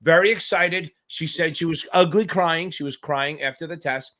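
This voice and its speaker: A man's voice: a little high, moderate pace, pushed and bright. A man hosting a live exam-prep Q&A stream, chatting casually with jokes and profanity. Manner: joking, profane, rambling.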